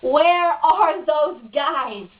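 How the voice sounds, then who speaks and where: High-voiced woman ranting, lo-fi recording. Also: very slow. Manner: frustrated, ranting, cynical. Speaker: interviewee. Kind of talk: casual home video interview. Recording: dull lo-fi, mic at a distance.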